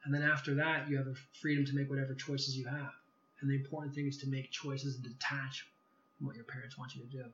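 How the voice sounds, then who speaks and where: A man being interviewed, telling a personal story in a casual, animated way and acting out quoted dialogue. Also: medium pitch, quick pace, slight background noise. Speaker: podcast guest. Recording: echoey room, slightly dull sound.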